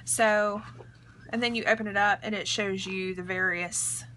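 A woman's voice: mid-range voice, fairly even intonation, measured pace, bright, forceful tone, slight background noise. A young woman chatting casually to camera about a book, enthusiastic and full of fillers like "um" and "like". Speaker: vlogger reviewing a book. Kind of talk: casual book review chat. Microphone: camera mic.

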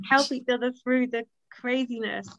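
A woman's voice: fairly high pitch, steady tone, moderate pace, no room sound, rough recording. A woman hosting her own book launch on a video call, thanking a friend and reading aloud from her book in a gushing, grateful manner. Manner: gushing and grateful, laughs easily.

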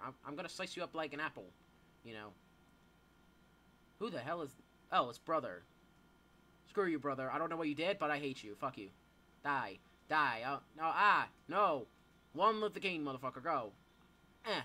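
Teen boy, gameplay commentary, excitable, yelping, swearing, very lively pitch, sharp bright tone. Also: moderate pace, long pauses. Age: teens. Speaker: gamer.

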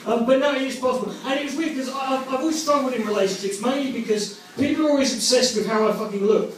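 A man's voice: extremely high pitch, quick pace, slight background noise. An Englishman doing live stand-up comedy on a club stage, sweary, conversational and self-mocking. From England. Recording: echoey room, distant mic, faint ambience.

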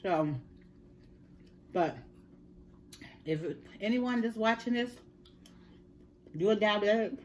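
A middle-aged woman talks straight to her viewers in a relaxed, earnest way, calling them y'all as she tells her story. Her pitch sits in an ordinary middle range. A faint hum runs behind her voice. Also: takes it slowly, long pauses. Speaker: mukbang vlogger. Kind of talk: casual chat to viewers.

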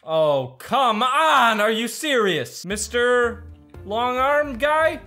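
A man's voice: very high voice, very animated, takes it slowly, pushed and bright, soft background music. A man giving panicky, joking commentary over a game he is playing. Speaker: gaming YouTuber. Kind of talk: let's play commentary.

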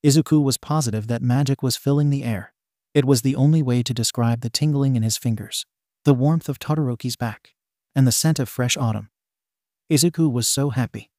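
Male fanfic narrator, steady and gentle, mellow tone, dry close sound. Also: mid-range voice, a little fast, no room sound. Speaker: story narrator. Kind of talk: fan-fiction audiobook narration.

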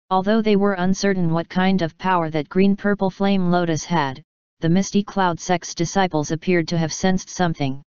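Smooth low-voiced woman narrating a novel. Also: darkish tone, no echo. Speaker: audiobook narrator. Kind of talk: scripted fantasy novel narration. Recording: dull lo-fi dry recording.

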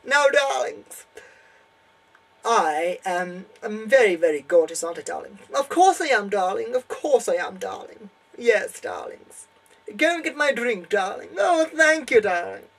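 A man's voice: high voice, big pitch swings, measured pace, vocal fry, fairly bright tone, recorded from a distance, voice pushed up, full character voice. A young man voicing a vain, extremely posh socialite with a haughty, drawling delivery.

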